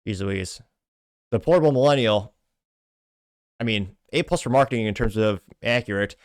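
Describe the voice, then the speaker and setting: A man with a fairly low voice hosts a podcast, casually reading comments aloud and commenting on them. He stumbles and restarts often, joking at his own expense. The recording is dry and close. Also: normal speed, clear, resonant tone, no echo. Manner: stumbling, self-deprecating, frequent restarts. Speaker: podcast host.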